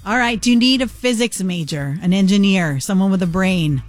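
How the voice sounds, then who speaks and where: A woman co-hosting a radio show, teasing and reacting quickly in casual on-air banter, with a son. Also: medium pitch, soft background music. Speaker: radio co-host. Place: radio studio.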